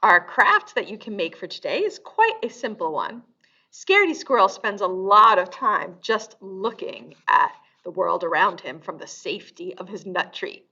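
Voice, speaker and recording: A woman's voice: medium pitch, sing-song, normal speed, pushed and bright, lo-fi sound. A woman librarian leading a storytime and sing-along for young children, in a sing-song, exaggerated way.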